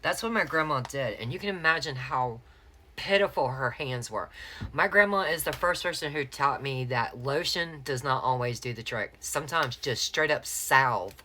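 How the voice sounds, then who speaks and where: A woman's voice: very deep voice, animated, normal speed, pushed and bright, slight background noise. A middle-aged woman, chatting candidly to her viewers and calling them y'all as she tells a story. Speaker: planner sticker vlogger.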